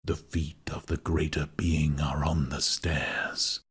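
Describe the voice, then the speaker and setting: A man voicing a mysterious supernatural voice that speaks from above, drawn out very slowly, by turns crying out and whispering. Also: high-pitched, big pitch swings, warm tone, voice pushed up, full character voice. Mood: whispered. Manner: slow, swelling then whispering.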